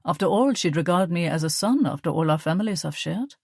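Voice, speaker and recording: Woman reader as young German suitor, charming but possessive, smooth with a sharp edge, lowish voice, dry booth sound. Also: animated, a little fast, no room sound, heavily acted.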